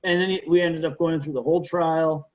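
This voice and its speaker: A man, a defense lawyer, telling courtroom stories in a casual interview, animated and often restarting his sentences. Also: a little high, a little fast. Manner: animated storyteller, frequent restarts and stammered repeats. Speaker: defense lawyer, podcast guest. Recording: dull lo-fi sound.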